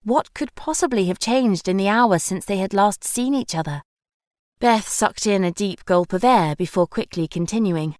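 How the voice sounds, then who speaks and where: Woman narrating a romance audiobook, steady even read, mid pitch, dry close mic. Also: normal speed, dry recording. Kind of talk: scripted narration.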